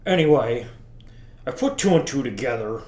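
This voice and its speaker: An actor playing a bitter, self-pitying middle-aged father who rambles crudely to his son in a deadpan comedy monologue. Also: medium pitch, moderate pace, close to an everyday voice. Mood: rambling. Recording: roomy echo.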